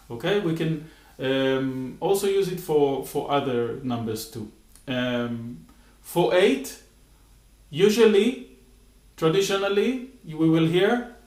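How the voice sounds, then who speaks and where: A man's voice: fairly high pitch, expressive, a little slow, echoey room. A man teaching rhythm syllables patiently, explaining step by step and often checking in with "okay?". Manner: frequent "uh" and "okay?" check-ins. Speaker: music teacher. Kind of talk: spoken rhythm lesson with sung syllable demonstrations.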